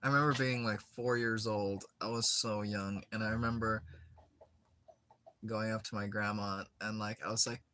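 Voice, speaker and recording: A man's voice: lowish voice, fairly even intonation, moderate pace, sharp tone, slight background noise. A young man chatting casually while he plays a game, rambling with lots of filler words and frequent giggles. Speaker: gaming streamer.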